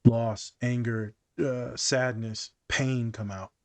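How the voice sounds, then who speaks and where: A man's voice: medium pitch, fairly even intonation, slow, a little mellow, slight background noise. A man who works as a therapist, hosting a casual podcast discussion and telling candid, profane stories from his work.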